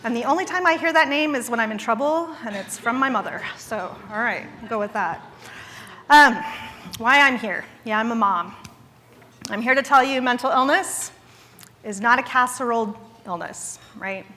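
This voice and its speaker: Woman in her forties, bright and high-pitched, candid and wry, speaking in a reverberant hall. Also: normal speed, a little hiss or hum. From Idaho, USA. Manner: earnest and candid, with wry self-deprecating humor. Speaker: guest speaker at a charity gala. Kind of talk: public speech. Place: large event hall.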